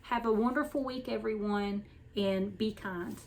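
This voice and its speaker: A woman hosting a weekly story time, reading a picture book aloud in an even storytelling manner. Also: medium pitch, measured pace. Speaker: storyteller host.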